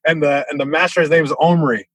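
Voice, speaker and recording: A male comedian telling a story in casual podcast chat, lively, acting out voices, with many restarts. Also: on the high side, fairly quick, dry recording. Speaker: comedian guest.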